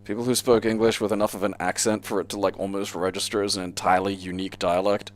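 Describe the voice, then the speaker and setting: A man with an Australian accent and a fairly low voice rambles through casual gameplay commentary. He swears freely and keeps a sardonic, offhand tone, drifting between tangents. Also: flat delivery, fast talker, slight background noise. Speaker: gaming streamer.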